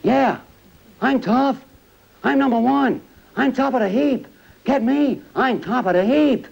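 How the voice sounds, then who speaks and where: A man's voice: extremely high pitch, measured pace, vocal fry, a little mellow, full character voice, poor audio. A brash gangster henchman. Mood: boastful. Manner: boastful wisecracking tough talk. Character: brash small-time American gangster henchman, man. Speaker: comic sketch actor. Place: TV studio.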